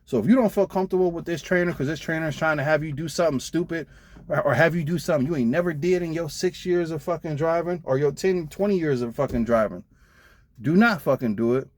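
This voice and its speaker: A man's voice: on the high side, fast. Blunt, profane trucker man venting. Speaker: truck driver vlogger. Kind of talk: casual storytelling rant.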